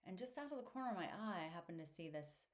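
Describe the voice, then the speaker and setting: A man's voice: sits high, animated, fast talker. A man hosting a podcast, telling a personal story in a reflective, hesitant way with frequent fillers, earnest and heartfelt. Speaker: podcast host.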